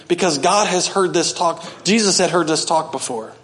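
A man preaching a sermon as pastor, animated, often acting out voices and swinging from loud to hushed. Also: fairly high pitch, moderate pace. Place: church.

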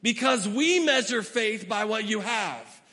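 A middle-aged male pastor giving an emphatic sermon, swinging from loud to hushed. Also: high-pitched, lively intonation, unhurried. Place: church hall. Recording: long hall reverb.

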